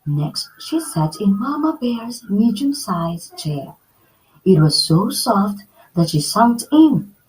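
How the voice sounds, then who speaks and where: A woman reads a children's story aloud at an unhurried pace. Her voice moves through a wide, lively pitch range as she tells it. The delivery is expressive and deliberate. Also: rough recording. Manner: slow, expressive read-aloud.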